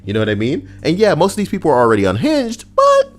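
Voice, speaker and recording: A man hosting a video, delivering an animated, profane commentary rant. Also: fast. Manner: animated, profane, swinging up and down in pitch. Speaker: video host.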